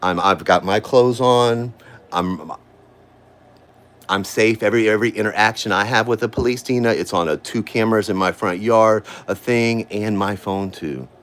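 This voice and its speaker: A man's voice: lowish voice, moderate pace, fairly bright tone. A man, hosting a livestream from his home on a phone mic, ranting angrily and confrontationally at someone he names over and over, his voice sore from screaming. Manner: confrontational, repeats a name accusingly. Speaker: livestream host. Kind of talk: angry livestream rant. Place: at home, indoors.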